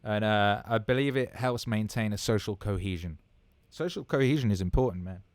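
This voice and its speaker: A thirty-something man hosting a casual livestream Q&A speaks briskly in a lowish voice, with no room sound. He's an enthusiastic rambler who swears freely and repeats words for emphasis.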